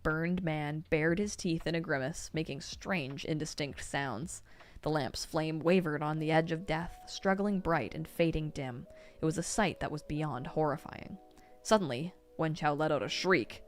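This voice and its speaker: A woman reading a novel aloud on a stream, expressive and sometimes laughing. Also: low-pitched. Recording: faint music behind.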